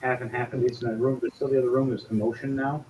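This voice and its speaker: A man's voice: medium pitch, little pitch movement, fast talker. A man narrating as game master in casual, profane table talk. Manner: casual, swears freely, voices figures briefly. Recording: slightly dull lo-fi audio, faint hiss.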